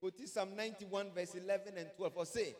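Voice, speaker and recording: A Ghanaian man preaching a sermon as a pastor. He mixes English and Twi and rises to shouts to stress his points. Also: high-pitched, fairly even intonation, a little fast. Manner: switches between English and Twi, rising to shouts for emphasis. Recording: long hall reverb.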